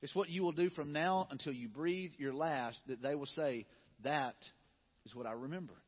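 A man's voice: fairly high pitch, moderate pace, breathy edge. A man preaching as a pastor in a casual, conversational way. He acts out voices as he quotes people. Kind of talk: sermon. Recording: dull sound, long hall reverb.

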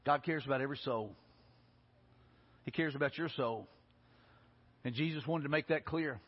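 A man's voice: medium pitch, normal speed, slightly rough. A male pastor, preaching a sermon in an earnest way, often restarting and repeating words. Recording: dull recording in a reverberant hall.

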